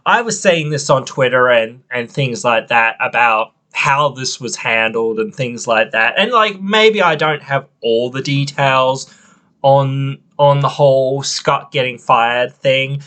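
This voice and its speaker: Aussie guy ranting on his podcast, rambly and fed up, mid-pitched voice. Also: slow, bright, forceful tone. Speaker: podcast host. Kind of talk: casual opinion podcast.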